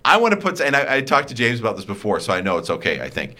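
Man, lively pitch, bright voice, skeptical and joking, casual chat. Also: racing. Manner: skeptical, playful.

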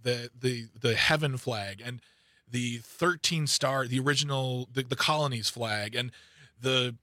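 A man filling in as a talk radio host, chatting casually and rambling with quick asides. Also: mid-range voice, sharp tone, dry recording, clean studio sound.

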